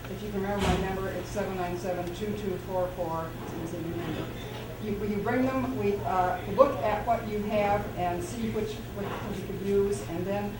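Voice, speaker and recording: Woman, friendly, chatty, hesitant, far from the mic, loud background noise. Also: medium pitch, fairly even intonation, moderate pace, roomy sound. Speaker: society member, announcer. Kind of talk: casual announcement. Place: hotel meeting room.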